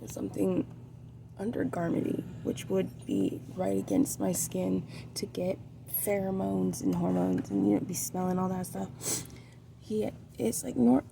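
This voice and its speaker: A middle-aged woman with a medium-pitched, gravelly voice vlogs while she paints, chatting casually and rambling. She sounds tired and hesitant, often trailing off, against noisy background ambience.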